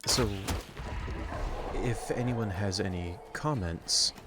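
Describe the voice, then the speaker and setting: A weary male game streamer chats with his viewers in a flat, low-energy way. He speaks slowly, as if worn out from a long day. His voice sits slightly on the low side. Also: very noisy. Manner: low-energy, dry delivery. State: very tired. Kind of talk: casual stream chat.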